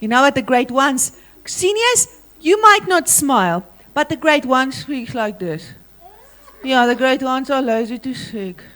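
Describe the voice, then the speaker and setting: A high-voiced woman with a South African accent addresses a school assembly, commanding and playful. She calls pupils forward and drills them with energy. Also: lively intonation, measured pace, a bit bright. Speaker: teacher leading a school assembly.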